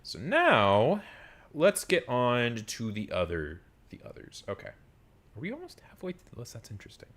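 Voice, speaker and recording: A man's voice: medium pitch, normal speed. A man giving a casual film review monologue, ranting and swearing freely with lots of fillers. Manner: animated, profane ranting with frequent fillers.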